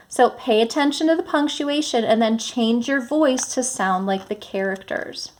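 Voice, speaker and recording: A woman teacher with a fairly high voice reading a children's chapter book aloud. She explains each step clearly and patiently, like a classroom lesson. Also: normal speed, hardly any pauses.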